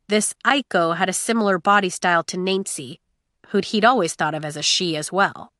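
A woman narrating a novel in measured, expressive storytelling. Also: medium pitch, no echo, studio quality. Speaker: audiobook narrator. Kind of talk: scripted narration.

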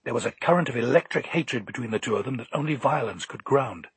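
A man narrating an audiobook in a calm, measured storytelling manner. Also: mid-range voice, husky, no room sound.

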